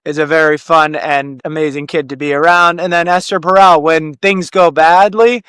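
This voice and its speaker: Smooth-voiced easygoing male guest. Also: on the high side, steady tone, moderate pace, fairly bright tone, dry recording. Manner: easygoing, thoughtful, plays along with the jokes. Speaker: podcast guest, company CEO. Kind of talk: casual interview chat.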